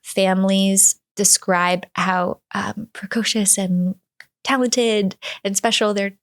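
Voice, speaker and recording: A woman's voice: mid-range voice, steady tone, takes it slowly. A woman in her thirties, a guest in an interview, talking candidly and reflectively, often restarting her thoughts. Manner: reflective, speaks in drafts with restarts.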